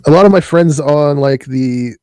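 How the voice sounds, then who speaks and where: A man's voice: on the high side, moderate pace, dark tone, clear, resonant tone, dry recording. A man hosting a casual interview, talking in a laid-back, joking way with frequent ums. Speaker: host.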